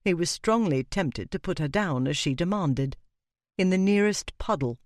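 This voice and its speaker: Male audiobook narrator, expressive, animated delivery in a dead-dry booth. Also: sits high, moderate pace, dry recording. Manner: expressive storytelling with character voices.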